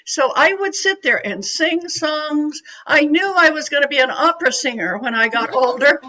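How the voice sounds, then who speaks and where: A woman in her eighties from California, a psychic medium telling her story to an audience in a chatty, animated way. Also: high voice, normal speed, low-quality recording. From California, USA. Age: 80s.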